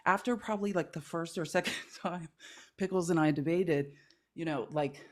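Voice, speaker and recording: A woman's voice: lowish voice, normal speed. A woman guest in a casual conversation, telling a personal story in an earnest, rambling way with many fillers. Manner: earnest, rambling, heavy use of 'like'. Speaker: guest creator.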